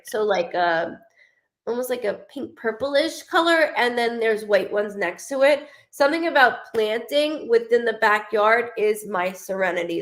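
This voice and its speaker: A middle-aged woman working as a medium on a live show. Her voice sits a little high for a woman, and she talks in a chatty, rambling way, breaking into quick asides and voicing the spirit's words in the first person. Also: a bit bright. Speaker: psychic medium.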